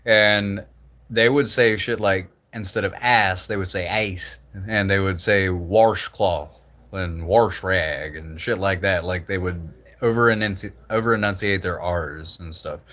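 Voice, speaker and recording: Young man, very low voice, slight Southern drawl, loose profane livestream chatter. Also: fairly even intonation, moderate pace, sharp tone. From Southern United States. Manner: rambling, profane, laid-back. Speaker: livestream host. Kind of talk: casual livestream chat.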